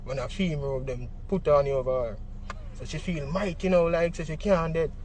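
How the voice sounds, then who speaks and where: A man's voice: fairly high pitch, steady tone, a little fast, background noise. A man with a Jamaican accent giving a vivid eyewitness account in patois, acting out what others said. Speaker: witness.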